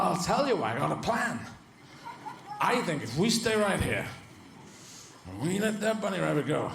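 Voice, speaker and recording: This is a dopey male greyhound, as a man puts him on in stand-up, baffled and single-minded, chanting the same words in a lilting sing-song. The voice rides well above the comic's own pitch. It rings out in an echoey room over a steady wash of ambient noise. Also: gravelly. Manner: bewildered, repeats words in a rising sing-song. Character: dim-witted male greyhound, baffled and fixated.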